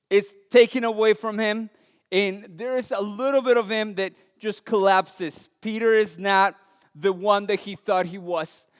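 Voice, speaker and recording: A male pastor with a non-native, Latin American accent, preaching a sermon with earnest storytelling and light self-deprecating humor, his voice dropping soft and low on weighty lines. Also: clear, resonant tone. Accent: non-native English, Latin American. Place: church sanctuary. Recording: long church hall reverb.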